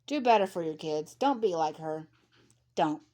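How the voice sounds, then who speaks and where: Her voice is low and dark-toned, yet animated, moving at a moderate pace. The vlogger, a woman in her thirties, delivers a blunt, ranting commentary to camera and keeps repeating herself for emphasis.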